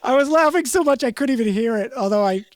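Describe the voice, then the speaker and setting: A woman's voice: a little high, lively intonation, fast talker, no echo. A woman with a Boston accent chatting casually, a rambling storyteller who loves puns. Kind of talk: casual chat.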